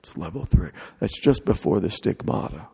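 A man's voice: deep voice, animated, normal speed, vocal fry, mellow, slightly rough, in a large hall. A man preaching a sermon in a humorous, conversational way, acting out little dialogues.

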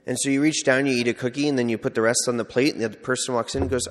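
A man's voice: mid-range voice, fairly even intonation, very fast, few pauses. A man giving an informal sermon, talking conversationally and acting out little everyday scenes to make his point. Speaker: Catholic preacher or teacher. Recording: long hall reverb.

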